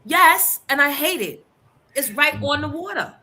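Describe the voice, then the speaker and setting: A woman hosting a live morning stream, chatting casually and giving playful shoutouts to her viewers. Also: high voice, expressive, measured pace. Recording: music playing clearly behind.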